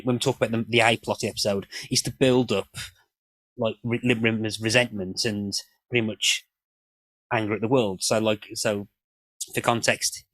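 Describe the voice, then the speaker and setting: A man's voice: lowish voice, fairly bright tone, dry recording, poor audio. A man on a podcast panel, analysing an episode in casual chat with many restarts.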